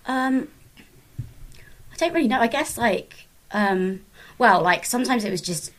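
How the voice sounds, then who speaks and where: A woman from England, a podcast guest, talking casually in a halting way full of fillers. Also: fairly high pitch, lively intonation. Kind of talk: casual conversation.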